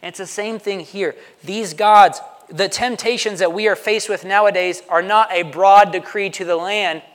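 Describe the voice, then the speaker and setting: Man, pastor, conversational sermon, fairly high voice, long hall reverb. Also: steady tone, normal speed, a bit bright. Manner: conversational preaching, often asks "right?".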